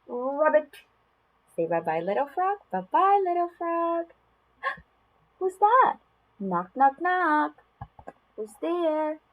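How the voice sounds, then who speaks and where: A woman showing how to read a picture book aloud to a toddler, in an expressive sing-song way with gasps, then giving tips to parents. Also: medium pitch, rough recording.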